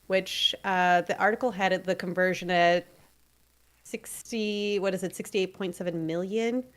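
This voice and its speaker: A woman's voice: on the low side, fairly even intonation, moderate pace. A woman co-hosting a podcast, chatting casually and laughing easily as she walks through news step by step. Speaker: podcast co-host. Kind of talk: casual chat.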